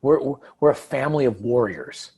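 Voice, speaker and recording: A guest author speaks in a conversational interview, his mid-range voice slightly rough and moderately paced. He's an animated storyteller who acts out the dialogue he quotes.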